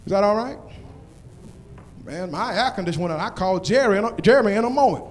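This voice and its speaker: A man preaching a sermon in a church, with call-and-response lines that build to shouted climaxes. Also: sits high, expressive, quick pace. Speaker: pastor. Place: church sanctuary. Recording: long church reverb.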